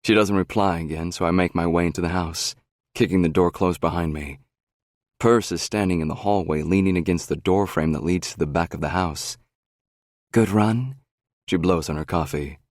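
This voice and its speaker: A young adult man narrating a first-person romance audiobook in a brooding, unhurried way on a close studio mic. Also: deep voice, steady tone, no echo.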